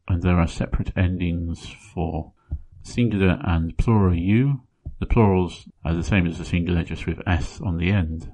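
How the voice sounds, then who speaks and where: Casting note: deep-voiced male podcast host, steady language lesson, spells words out. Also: husky. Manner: measured, spells out words letter by letter.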